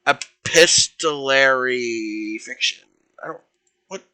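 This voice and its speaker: A man's voice: mid-range voice, slow, bright, forceful tone. A young man streaming, improvising fan fiction in a rambling, playful way that keeps correcting itself. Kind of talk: casual improvised storytelling.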